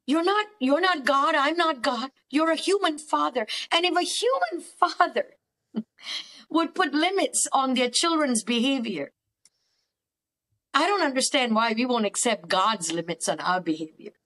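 A woman's voice: high-pitched, animated, measured pace, a bit bright. A woman therapist guest speaking earnestly and emphatically, often repeating words for stress. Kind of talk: faith-based counselling conversation.

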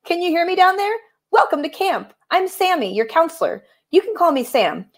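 A woman's voice: very high voice, big pitch swings, moderate pace, voice pushed up, full character voice. A woman voicing an eager, nervous male cat camp counselor in a picture-book read-aloud, talking in a chirpy, flustered way.

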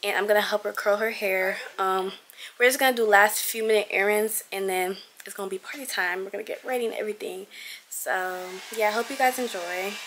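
A woman's voice: medium pitch, fairly even intonation, a little fast, fairly bright tone. Chatty teen girl vlogging over noise. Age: teens. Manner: chatty, rambling with fillers. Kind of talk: casual vlog chat.

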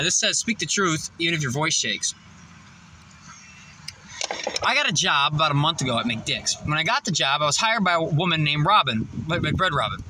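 A man's voice: a little high, noisy background. A man telling a rambling, profane story in a casual vlog, out of breath and laughing often. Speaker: vlogger.

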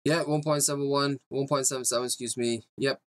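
A man's voice: medium pitch, steady tone, a little fast. A man hosting a fan livestream, ranting bluntly and profanely while reading viewer comments. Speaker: fan channel host.

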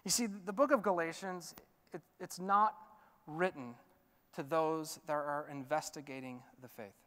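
An animated male pastor tells a story to his congregation in a casual, filler-heavy way. His voice is high, bright and crisp. It rings out with a long reverb from a church sanctuary. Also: measured pace. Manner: animated, chatty, many fillers. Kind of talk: storytelling sermon.

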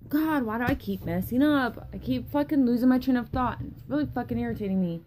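A woman's voice: a little high, fast, hardly any pauses, mellow, a little hiss or hum. A young woman vlogging in a casual rambling way, tired from lack of sleep, swearing often and losing her train of thought. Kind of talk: casual rambling vlog chat.

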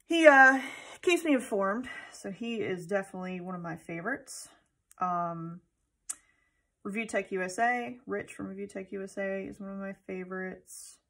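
A woman vlogger in loose, casual chat, with a bright, forward tone. She gushes and rambles, filling pauses with ums and wandering off on tangents. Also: mid-range voice. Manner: gushing, rambling, with many fillers and tangents. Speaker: planner vlogger.

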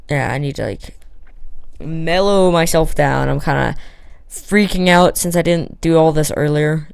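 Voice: mid-range voice, measured pace, vocal fry, smooth, dry recording. A gamer giving casual, rambling commentary while building in a block game, with lots of fillers and self-talk. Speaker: Minecraft let's player.

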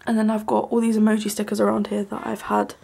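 A young woman giving a casual, rambling tour of her small bedroom, full of ums and likes, sometimes hushed. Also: mid-range voice, completely flat delivery, quick pace, gravelly, slightly rough. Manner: hushed at times so as not to wake her brother. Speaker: vlogger. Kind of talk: casual room tour vlog.

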